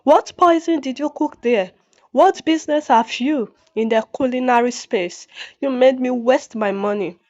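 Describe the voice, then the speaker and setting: A woman's voice: a little high, measured pace, darkish tone, lo-fi sound, close to an everyday voice. A woman voicing a demanding middle-aged woman trader who complains and scolds. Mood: scolding.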